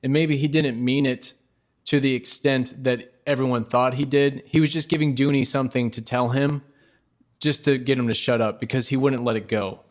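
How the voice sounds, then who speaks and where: A man's voice: mid-range voice, fairly even intonation, normal speed. A man co-hosting a casual book-discussion podcast, thoughtfully laying out his own reading of the story. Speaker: podcast co-host.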